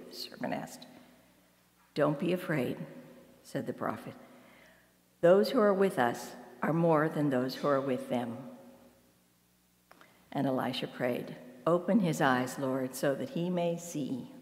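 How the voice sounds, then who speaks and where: A low, deep-toned woman reads scripture aloud in a church. She keeps a measured pace and lifts her voice for the quoted lines. Her voice rings through a large echoey hall with a long reverb tail. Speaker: scripture reader.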